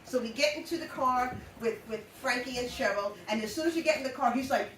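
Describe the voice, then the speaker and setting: Middle-aged New woman, high and animated, live storyteller heard from a distance in an echoey room. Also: quick pace. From New York. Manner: animated, laughing often, blunt and salty. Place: live show venue. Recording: roomy echo, mic at a distance.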